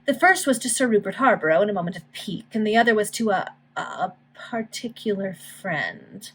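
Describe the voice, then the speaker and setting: Lady doing a vain fancy society wife, airy and fake-polite, a bit husky. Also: medium pitch, lively intonation, moderate pace, fairly bright tone, poor audio. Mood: arch. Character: vain Victorian society lady, evasive and arch.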